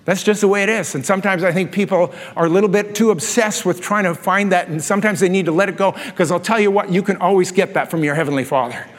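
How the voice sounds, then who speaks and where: Male pastor, high voice, lively anecdotal sermon, long church-hall reverb. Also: quick pace, hardly any pauses. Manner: animated storyteller, laughs at his own jokes.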